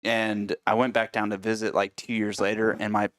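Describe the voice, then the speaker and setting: A man from Tampa hosts a casual podcast in the studio, full of jokes and easy swearing. His voice sits on the low side and the room sounds dry and close. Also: flat delivery, moderate pace, a bit bright, no echo. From Tampa, Florida. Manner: joking, swears freely. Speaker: podcast host.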